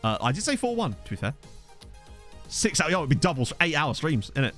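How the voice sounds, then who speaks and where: A man streaming a football management game, chatting fast with his viewers, laughing often and getting excited at the action. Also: mid-range voice, faint music behind. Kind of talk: casual live-stream commentary with chat. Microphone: desk microphone.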